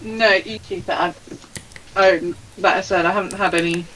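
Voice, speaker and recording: A woman's voice: fairly low pitch, fairly even intonation, moderate pace, fairly bright tone, a little hiss or hum, poor audio. A woman playing in a casual tabletop game, teasing and a little hesitant. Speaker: player.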